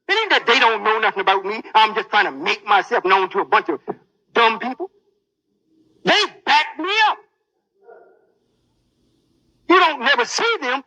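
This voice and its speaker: High-voiced boastful male preacher. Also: expressive, normal speed, bright, forceful tone, no room sound, rough recording. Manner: boastful, menacing. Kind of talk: sermon.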